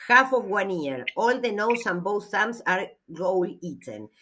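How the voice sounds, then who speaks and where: A woman, a literature teacher giving a classroom lecture, reading aloud slowly and explaining with hesitations. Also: medium pitch, very animated, bright, forceful tone.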